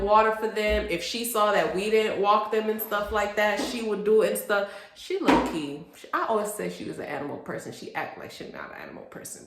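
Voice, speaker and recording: A woman in her late twenties from a Haitian family, telling a personal story in an animated, expressive storytime vlog. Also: mid-range voice. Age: late 20s. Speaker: vlogger. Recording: roomy echo.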